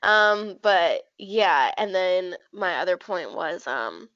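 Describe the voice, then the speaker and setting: Quick-talking woman podcast co-host. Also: on the low side, no echo. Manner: quick, animated, conversational with frequent fillers. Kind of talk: casual podcast chat. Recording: dull dry lo-fi sound.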